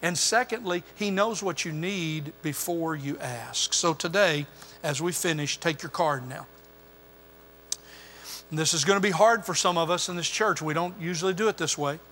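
A man's voice: fairly high pitch, normal speed, fairly bright tone, soft background music. An older man preaching a sermon as pastor, building emphasis through repeated phrases. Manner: preaching with rising emphasis and repetition. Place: church sanctuary. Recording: long hall reverb.

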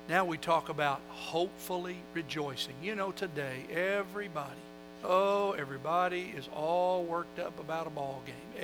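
A man preaching with a high, ringing voice that carries. He moves from loud calls to the congregation down to quiet, confiding asides. Faint music hums underneath. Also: rough recording. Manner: animated preaching, swinging from loud calls to soft asides, with call-and-response. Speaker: pastor. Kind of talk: sermon.

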